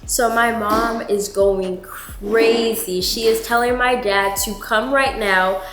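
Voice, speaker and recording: A woman vlogger telling a story in a chatty, animated way, full of filler words. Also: on the high side, takes it slowly. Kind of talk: storytime vlog. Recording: roomy with background noise.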